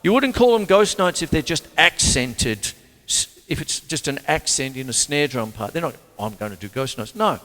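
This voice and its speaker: A man's voice: a little high, animated, normal speed. A man from Australia giving a chatty, rambling drum lesson, counting beats aloud as he plays a kit. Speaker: drum teacher. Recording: long hall reverb, drums playing loudly.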